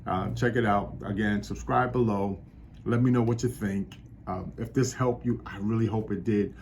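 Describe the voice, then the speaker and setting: A man's voice: on the low side, fairly even intonation, moderate pace, vocal fry, darkish tone, slight background noise. A man, a real estate agent from New York, talking to camera in an encouraging, preacher-like way. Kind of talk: motivational talk to camera.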